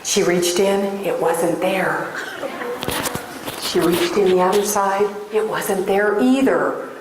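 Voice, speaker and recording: Woman keynote speaker, slow deliberate delivery, emphatic storyteller, roomy echoing hall. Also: mid-range voice, background noise. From Des Moines, Iowa. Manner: emphatic, storytelling, addresses audience. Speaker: career coach and speaker. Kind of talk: keynote speech. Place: large hall before an audience. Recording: roomy hall with long echo.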